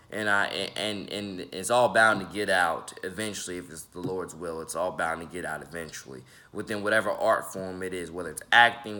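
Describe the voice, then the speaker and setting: A man's voice: low voice, sharp tone. A man in his twenties talking casually to his viewers, rambling, with many fillers, stumbles and repeated words. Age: 20s. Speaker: independent rapper and YouTuber. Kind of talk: casual vlog talk to the camera.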